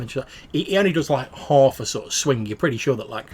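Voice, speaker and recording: A man's voice: mid-range voice, expressive, quick pace, a little mellow, a little hiss or hum. A man narrating a tabletop game as game master, rambling with many fillers.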